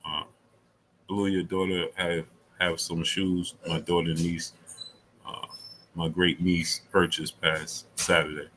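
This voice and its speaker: A middle-aged man hosting a casual live stream, reading super chats, repeating himself and climbing high when he argues. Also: slow, a little hiss or hum, poor audio. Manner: animated, repeats himself, rises sharply when arguing.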